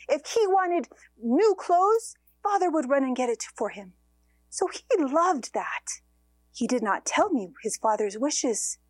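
A woman telling a story in the first person as a weeping ghost mother who lost her children, in a slow, sorrowful manner with sighs and soft whispers. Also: high voice, dry recording.

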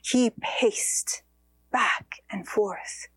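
A woman takes on the role of a grieving ghost mother mourning her lost children, narrating in the first person. Her mid-range, slightly rough voice moves slowly through sighs and gentle whispers, with no echo.

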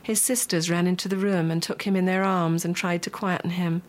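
A woman telling a myth in a gentle, expressive, unhurried way. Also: on the low side. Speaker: storyteller. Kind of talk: myth storytelling.

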